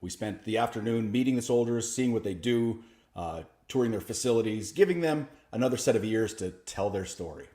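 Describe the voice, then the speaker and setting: A man, a comedian telling stories in a stand-up set, with a dry, deadpan delivery that breaks into lively bursts. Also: fairly low pitch, a little fast. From Canada. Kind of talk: stand-up storytelling. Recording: echoey room.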